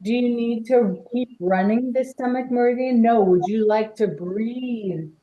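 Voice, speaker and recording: Slow, gentle woman guiding a workshop. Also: a little high, highs cut off. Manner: gentle, encouraging, guiding a participant. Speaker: workshop presenter. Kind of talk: energy-healing workshop demonstration. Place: indoor event room.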